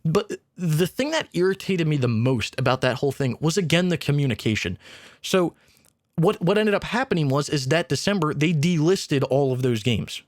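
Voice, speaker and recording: A male gaming host in an exasperated casual rant, swearing freely and mocking companies in put-on voices. His voice sits a little high. The sound is dry and close, with no room around it. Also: lively intonation, normal speed, no room sound. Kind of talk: casual ranting commentary.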